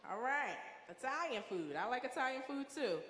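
High-voiced woman hosting a church game. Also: sing-song, normal speed, fairly bright tone. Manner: playful, chatty, apologetic asides. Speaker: game show host at a church event. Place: large church hall with a congregation. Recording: echoey hall with long reverb and crowd noise.

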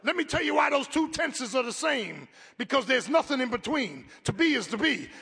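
A man preaching a sermon as pastor, with call-and-response lines, swinging from quiet talk to shouted peaks. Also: very high voice, big pitch swings, normal speed, vocal fry, slightly rough, in a large hall.

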